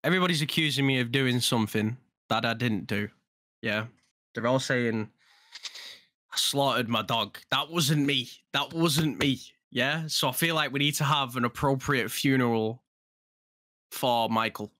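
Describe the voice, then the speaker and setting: A man's voice: mid-range voice, moderate pace, sharp tone, no echo, clean studio sound. A young man, chatting and joking through a game as a gaming YouTuber, often asking "you know what I mean". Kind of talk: casual gaming commentary.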